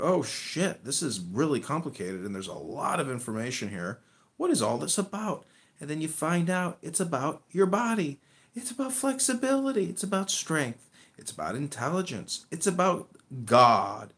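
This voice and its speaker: A man's voice: mid-range voice, sing-song, moderate pace, fairly bright tone. Brash, crude male chat host. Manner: brash, crude and insulting, drawing out words to mock. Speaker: host of a live audio chat room. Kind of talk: casual chat.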